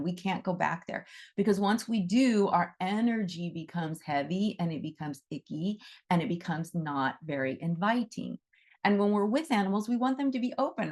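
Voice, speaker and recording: A middle-aged woman with a fairly low voice gives an effusive, animated teaching talk to her students. She circles back and repeats phrases for emphasis.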